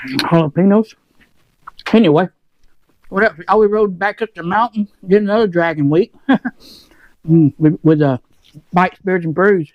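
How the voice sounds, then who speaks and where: A man's voice: high-pitched, dry recording, dull audio. A man hosting a motorcycle vlog, chatting casually and rambling while he eats. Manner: rambling, talks with mouth full. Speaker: motovlog channel host. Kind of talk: casual chat while eating. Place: home shed.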